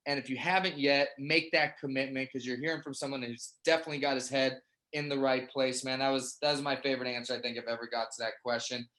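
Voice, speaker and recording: Fast and a bit bright, his mid-range voice holds a steady tone as he hosts an online sales testimonial call. It's an enthusiastic pep-talk interview, heavy on praise, with "man" repeated again and again.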